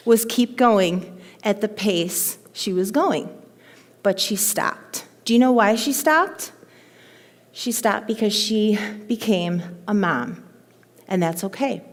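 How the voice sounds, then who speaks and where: A woman telling a heartfelt personal story to her team in an emphatic, animated way, in front of a live audience. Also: mid-range voice. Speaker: motivational speaker to her team. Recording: long hall reverb.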